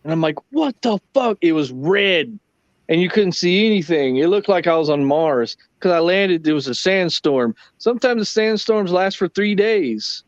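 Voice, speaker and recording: Brief: slightly high-pitched man, easygoing and profane, chatting on a livestream; dull, dry close-mic sound. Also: lively intonation, moderate pace, dry recording. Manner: laid-back, profane storytelling. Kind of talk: casual late-night livestream chat.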